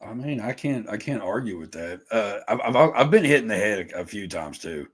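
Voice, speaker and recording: A man talks in a loose, rambling way, swearing freely and poking fun at himself. His voice sits a little low. He chats casually on a podcast. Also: lively intonation, fairly quick, breathy edge. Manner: rambling, profane, self-mocking. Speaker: podcast guest, musician.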